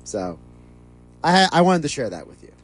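High-voiced male radio co-host. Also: very animated, moderate pace, low-quality recording. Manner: amused, eager to share clips. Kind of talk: casual sports radio banter.

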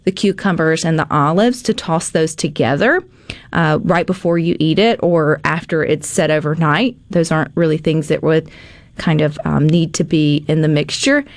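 A woman hosting a casual cooking segment, chatty and animated, with frequent filler words. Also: deep voice, moderate pace, no echo. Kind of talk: casual cooking demo chat.

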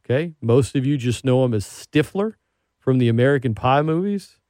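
A man hosting a casual talk show, an animated storyteller who gets worked up. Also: medium pitch, moderate pace, dry recording, clean studio sound. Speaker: podcast host. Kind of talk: casual chat.

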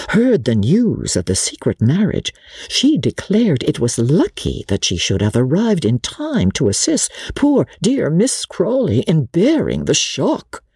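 A woman giving an expressive, dramatic audiobook narration of a classic novel. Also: low voice, vocal fry, breathy edge, no echo, clean studio sound.

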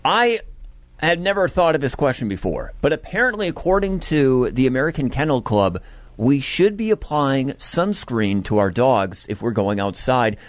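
A man's voice: medium pitch, big pitch swings, normal speed, no echo. A man hosting a morning radio show, chatting with the weather presenter in a playful, musing way. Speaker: radio host.

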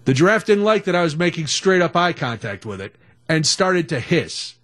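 A middle-aged man hosting a radio talk show, telling a story in a chatty, animated way. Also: fairly high pitch, normal speed. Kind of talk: casual storytelling.

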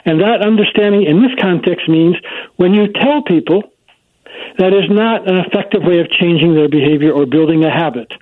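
A man's voice: sits high, normal speed, no echo. A man speaking as a child psychology expert guest, explaining his points emphatically in an interview. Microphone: phone. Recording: dry tinny phone line.

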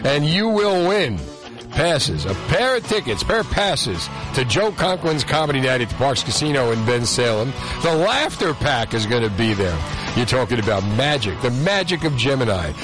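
A male radio host running a call-in quiz, joking and animated. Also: mid-range voice, moderate pace, music in the background. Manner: jokey, animated.

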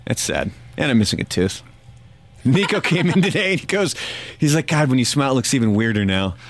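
A man in his forties hosts a casual morning radio show at an ordinary pitch. He has a slight lisp and a dry, self-mocking way of talking, often breaking into a chuckle. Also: big pitch swings, brisk, a little hiss or hum. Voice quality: slight lisp from a missing tooth.

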